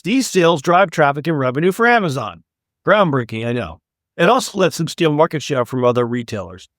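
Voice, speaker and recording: A man's voice: on the high side, dry recording, clean studio sound. Wry, sarcastic man co-hosting a podcast. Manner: wry, sarcastic asides while reading news. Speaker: podcast co-host. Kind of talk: casual podcast chat reading news.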